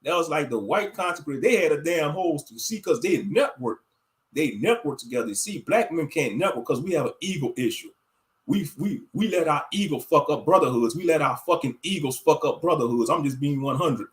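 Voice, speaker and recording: A man in his thirties holds forth on a casual livestream, his voice sitting noticeably high for a man. He rants bluntly and profanely, rambling from point to point and calling his viewers family. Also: expressive, a little fast. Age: 30s. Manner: addresses viewers directly as family. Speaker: livestream commentator.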